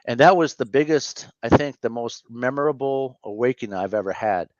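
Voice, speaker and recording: A man in his fifties with a medium-pitched voice is a guest telling a personal story in an interview. He speaks earnestly and candidly, halting often to correct himself. The recording has no echo, and its highs are cut off.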